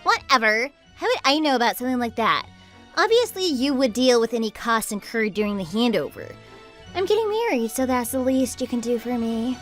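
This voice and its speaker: Woman doing a bratty entitled sister-in-law, high and pushy, music under it. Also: sing-song, fairly quick. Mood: demanding. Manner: demanding, shrill, yelling. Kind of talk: texting-story voice acting.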